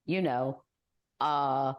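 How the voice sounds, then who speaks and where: An older woman co-hosting a casual podcast chat, talking in an animated way and mimicking people with exaggerated high wails. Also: very slow, muffled recording. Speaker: podcast co-host.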